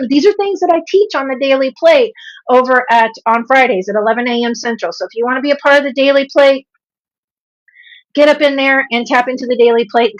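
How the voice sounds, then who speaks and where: A woman's voice: sits high, fairly bright tone, lo-fi sound. A woman in her fifties with a Southern drawl hosts a live stream, speaking earnestly, repeating points for emphasis and greeting viewers by name. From Southern United States. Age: 50s. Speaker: livestream host and nutrition coach.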